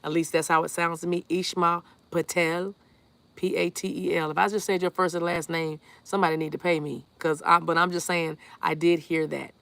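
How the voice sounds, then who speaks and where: A woman's voice: lowish voice, little pitch movement, fairly quick, creaky, fairly bright tone. A woman giving a live tarot reading, talking straight to her viewers and repeating reassuring affirmations. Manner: addresses viewers directly, reads chat aloud. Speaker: tarot reader.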